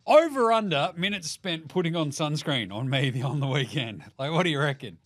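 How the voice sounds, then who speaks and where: Sweary Australian man, lively rambling. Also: fairly high pitch, fairly quick. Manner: sweary, rambling, jokey, acts out quotes in silly voices. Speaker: podcast host. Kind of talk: casual sports chat.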